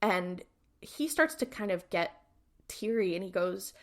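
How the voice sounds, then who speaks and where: A woman's voice: medium pitch, lively intonation, measured pace. Woman co-host casually recapping a TV episode. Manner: retells scenes acting out each character's lines, with constant "like". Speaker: podcast co-host.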